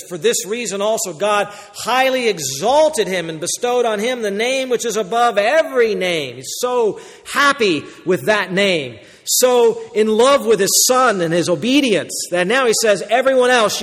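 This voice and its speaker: A man preaching a sermon emphatically, his delivery swinging between loud and quiet. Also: high-pitched, lively intonation, normal speed, hardly any pauses. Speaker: pastor. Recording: hall reverb.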